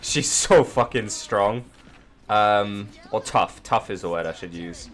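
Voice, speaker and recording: A gamer streamer gives casual, profane, self-mocking commentary on his gameplay, swinging between loud outbursts and low mutters. He has just woken up, has a sore throat, and talks slowly.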